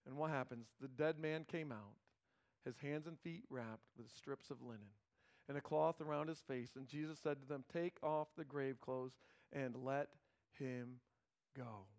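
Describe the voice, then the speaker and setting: High-voiced man preaching a sermon. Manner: earnest preaching, retells scripture with informal asides and dramatic pauses. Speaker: pastor.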